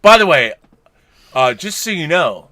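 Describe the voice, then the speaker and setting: A man's voice: on the high side, big pitch swings, measured pace, sharp tone, dry recording. A middle-aged man co-hosting a casual, tipsy live-stream chat, reading viewer messages with jokey, stumbling restarts. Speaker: podcast co-host reading super chats.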